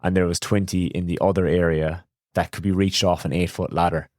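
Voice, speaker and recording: A man's voice: low-pitched, flat delivery, brisk, a little mellow, dry recording, clean studio sound. A man hosting a podcast and telling a rambling, frank story in casual talk, swearing now and then. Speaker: podcast host, electrician.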